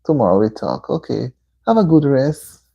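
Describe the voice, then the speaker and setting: A Jamaican woman chats on a casual livestream from a room in her home, answering viewer comments with motherly advice. Her rumbling low voice is creaky and sing-song, at a moderate pace, and the audio is dull.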